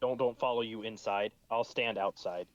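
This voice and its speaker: A man's voice: fairly low pitch, steady tone, normal speed. A man playing a tabletop game who often stops and restarts his sentences. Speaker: player. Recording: dull lo-fi mic.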